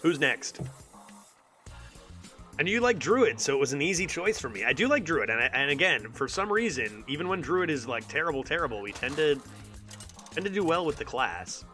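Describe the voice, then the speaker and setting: A man's voice: fairly high pitch, sing-song, normal speed, pushed and bright, faint music behind. A young man streaming a card game, talking casually and rambling, repeating words as he goes. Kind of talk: casual live game commentary.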